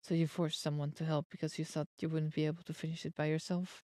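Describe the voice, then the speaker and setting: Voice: mid-range voice, flat delivery, fast talker, dry recording. A streamer reading a visual novel's text aloud and reacting playfully, dropping in Japanese words. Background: soft game music.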